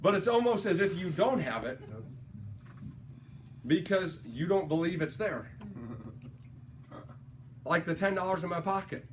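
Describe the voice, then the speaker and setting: A man's voice: high-pitched, unhurried, pauses often, a little hiss or hum. A man giving a motivational sales training talk, telling stories with energy and tagging his points with "right?". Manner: energetic storyteller, tags lines with "right?".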